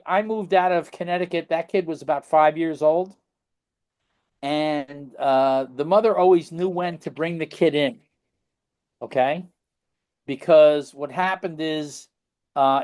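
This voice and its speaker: A man's voice: mid-range voice, darkish tone. A middle-aged man telling stories in a rambling interview, constantly checking in with tag questions. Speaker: guest practitioner. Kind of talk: casual anecdotal interview talk.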